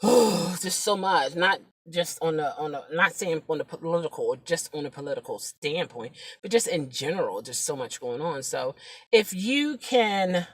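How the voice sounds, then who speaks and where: A woman who drives rideshare talks to the camera in a chatty, preachy casual vlog, rambling with fillers and sometimes dropping to a whisper. Her voice is low-pitched, expressive and slightly rough at normal speed, in a dry recording.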